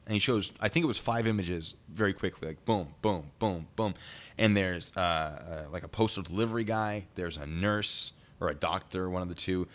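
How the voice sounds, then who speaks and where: A man telling a story on a live stream, excitable and rambling. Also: low-pitched, moderate pace.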